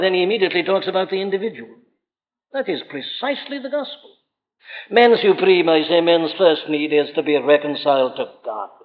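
A man's voice: a little high, big-room sound, highs cut off. A man preaching an evening sermon, earnest and insistent, pressing rhetorical questions on his listeners. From Wales.

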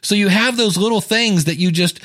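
A middle-aged man hosts a podcast in a chatty, animated way, spinning playful stories. His voice sits fairly high for a man. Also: normal speed. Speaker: podcast host. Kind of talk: casual podcast chat and monologue.

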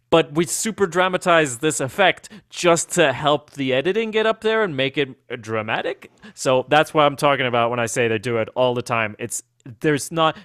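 A man co-hosting a podcast, rambling and animated in casual chat, with many restarts. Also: medium pitch, smooth, dry recording, clean studio sound. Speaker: podcast co-host.

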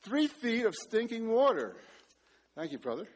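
Man, middle-aged, pastor, sermon, high-pitched, self-mocking storytelling. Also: big pitch swings, moderate pace, husky.

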